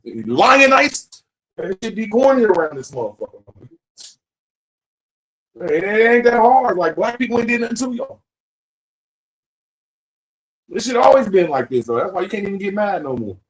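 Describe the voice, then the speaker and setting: A man's voice: high-pitched, expressive, normal speed, pauses often, rough recording. A man hosting a livestream, talking in a profane, rambling, emphatic casual rant. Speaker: livestream host.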